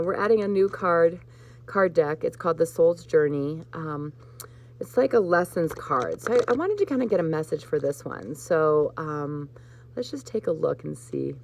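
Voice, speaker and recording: A woman hosting a live spiritual card reading, talking gently to her viewers and getting emotional at times. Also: deep voice, expressive, unhurried. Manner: warm, emotional, choked up with laughter at times. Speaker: host.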